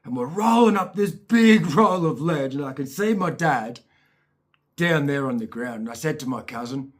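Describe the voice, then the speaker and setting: A man's voice: a little high, animated, moderate pace, husky. A man telling a rambling, profane childhood story in a casual, chatty way.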